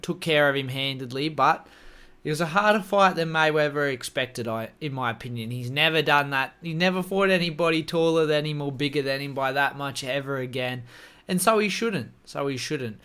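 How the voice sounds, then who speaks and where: A man's voice: on the high side, normal speed, pushed and bright, smooth. A man talking casually to camera, giving opinionated, rambling takes on fights and swearing freely. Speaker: MMA commentary YouTuber.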